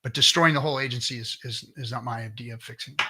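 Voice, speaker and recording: Man, middle-aged, livestream host, blunt, profane, bright voice, casual rant. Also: mid-range voice, fairly even intonation, fast talker, slightly rough. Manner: blunt, profane, restarts often. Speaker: livestream host reading chat.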